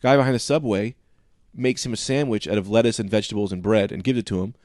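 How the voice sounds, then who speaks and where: A man co-hosting a podcast, telling stories in a fast, animated, profane way. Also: lowish voice, no echo, studio quality. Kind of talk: casual chat, storytelling.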